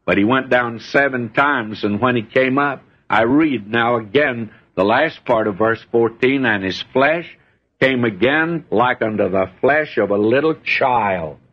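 Folksy older preacher on a dull recording. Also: male voice, mid-range voice. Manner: folksy, conversational Bible teaching with chuckles. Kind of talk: sermon. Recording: dull lo-fi old sermon recording.

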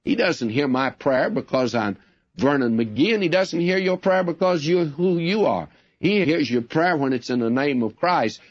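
A man's voice: a little high, normal speed, no echo, lo-fi sound. An older man preaching a sermon, folksy and direct, calling his listeners friends. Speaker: radio Bible teacher.

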